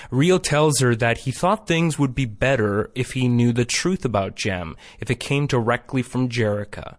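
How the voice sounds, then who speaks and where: A man co-hosting a podcast over a remote call, reading a plot recap and adding wry, sarcastic asides. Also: mid-range voice. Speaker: podcast co-host recapping a cartoon. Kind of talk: casual chat and read recap.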